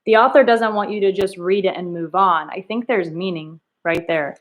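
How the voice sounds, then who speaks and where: A woman's voice: mid-range voice, moderate pace. A woman teacher leading a reading lesson, thinking aloud and coaxing students with questions. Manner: thinks aloud, rereads lines in different tones.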